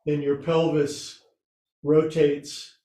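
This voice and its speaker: Male yoga teacher at home, playful and talkative, slightly high voice, recorded in a roomy echo. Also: flat delivery, very slow, warm tone. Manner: chatty and joking, self-mocking asides. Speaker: yoga instructor. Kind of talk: guiding a restorative yoga class. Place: home room with couch and recliner. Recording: echoey room.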